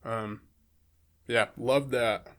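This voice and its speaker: A man's voice: medium pitch, extremely slow. Laid-back man co-hosting a movie podcast. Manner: relaxed, enthusiastic, laughs often. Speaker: podcast co-host. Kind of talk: casual movie review chat.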